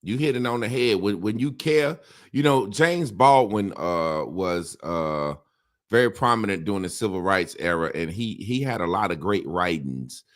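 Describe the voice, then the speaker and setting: A man's voice: sits low, animated, moderate pace, dry recording, studio quality. A middle-aged man in a casual conversation, talking bluntly with rambling asides and frequent swearing. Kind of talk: casual talk-show conversation.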